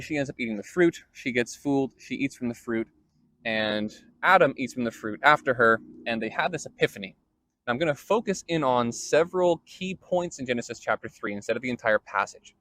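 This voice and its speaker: A man's voice: medium pitch, fairly bright tone, no echo. A man hosting a casual Bible teaching vlog, talking in a conversational way with fillers and self-corrections. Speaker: host.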